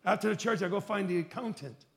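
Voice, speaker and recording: A male pastor from Chicago preaching a sermon, telling a story and acting out the dialogue, with bursts of shouting for emphasis. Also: high voice, quick pace, creaky, background noise.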